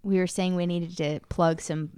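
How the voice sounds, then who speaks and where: A woman's voice: lowish voice, level tone, moderate pace, darkish tone, clean tone. Playful woman steering a podcast chat. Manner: playful, leads the conversation. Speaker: podcast host.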